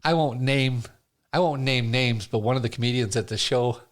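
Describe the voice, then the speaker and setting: A man's voice: mid-range voice, moderate pace. A middle-aged man hosting a casual interview, telling rambling stories in a chatty way. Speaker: podcast host.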